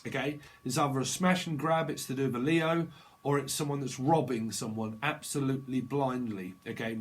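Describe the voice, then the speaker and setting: A man giving a tarot reading, rambling quickly and bluntly with slang and swearing. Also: mid-range voice. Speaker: tarot reader. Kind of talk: channeled tarot reading monologue.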